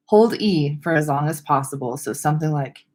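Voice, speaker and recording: Low-voiced young woman teaching voice exercises. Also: normal speed, a little mellow. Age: young adult. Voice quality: slight vocal fry at ends of sentences. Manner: friendly, loose, laughs at herself, demonstrates vocal exercises. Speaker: speech therapist. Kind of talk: casual online teaching webinar.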